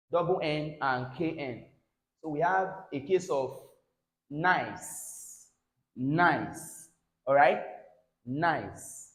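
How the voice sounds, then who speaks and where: A man teaching English pronunciation, drilling each example word and tagging his lines with "all right?". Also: on the high side. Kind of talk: classroom phonics lesson. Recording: roomy echo.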